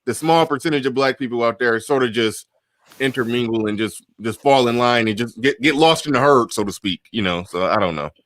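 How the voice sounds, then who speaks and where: A man hosts a casual livestream, circling his points with stops, restarts and fillers. His voice sits at an everyday pitch for a man. The sound is dry and close, with no room echo. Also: brisk, a bit bright. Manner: rambling, many restarts and fillers. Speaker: host. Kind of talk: casual livestream talk show.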